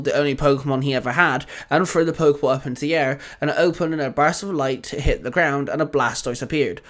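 A man reading a fan fiction story aloud in a steady storytelling voice. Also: fairly high pitch. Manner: steady reading with small restarts.

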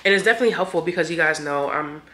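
A woman's voice: low-pitched, very fast, pushed and bright, reverberant. A young woman vlogger, chatting playfully and directly to her viewers. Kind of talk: casual sponsored vlog chat.

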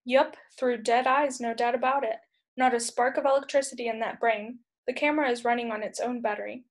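A woman voicing a brainy, cocky male centaur tech expert in a read-aloud storybook, talking quickly and teasingly. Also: on the high side, fairly even intonation, close to an everyday voice. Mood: explaining.

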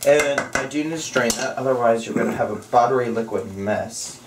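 A man's voice: mid-range voice, a little fast, background noise. A man walking through a recipe as he cooks, chatty and joking while he explains each step. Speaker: home cook demonstrating a recipe. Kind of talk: casual cooking chat. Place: home kitchen. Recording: echoey kitchen with cooking sounds.

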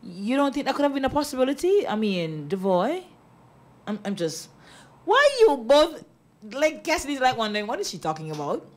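A woman's voice: high voice, sing-song, normal speed. A woman co-hosting a radio talk show, bantering and teasing in a Patois-flavored casual chat. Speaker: radio co-host.

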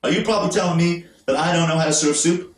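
A man's voice: on the high side, quick pace, lightly acted. A man putting on an indignant wife. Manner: protesting, rising indignation. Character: defensive, indignant wife arguing back. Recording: roomy, distant mic.

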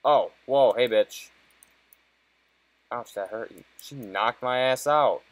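A young let's-play gamer swears constantly while playing a video game, frustrated but joking through it. His mid-range voice moves slowly, and the audio is poor with no room sound.

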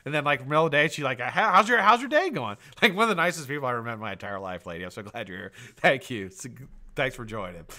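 A middle-aged man hosting a live stream, greeting viewers by name with loud shout-outs, swearing and joking. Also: mid-range voice, very fast. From United States. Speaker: host.

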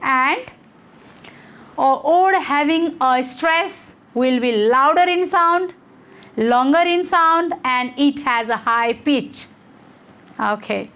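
A woman's voice: high voice, slow pace, fairly bright tone. A woman English teacher from Nepal, walking students through exam questions and checking in with "okay" and "you know".

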